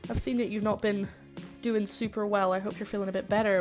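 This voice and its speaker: A woman's voice: medium pitch, steady tone, fast. Young woman streaming from her kitchen, chatty and jokey, faint music behind. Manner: chatty, greets viewers warmly, jokey asides. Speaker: cooking streamer. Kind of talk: casual livestream chat while cooking. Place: home kitchen.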